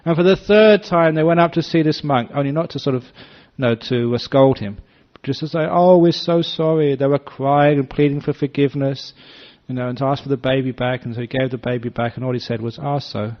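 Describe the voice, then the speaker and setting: Older monk telling a story, acts out voices, a bit muffled lo-fi sound. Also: male voice, medium pitch, brisk, few pauses. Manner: animated storyteller, acts out voices, gentle humor. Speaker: Buddhist monk teacher. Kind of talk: dharma talk with storytelling. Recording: slightly dull lo-fi recording.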